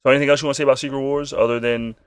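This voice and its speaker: A man's voice: mid-range voice, level tone, rapid-fire. A man co-hosting a casual comic book podcast, joking around and slipping into goofy voices for characters. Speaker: podcast co-host.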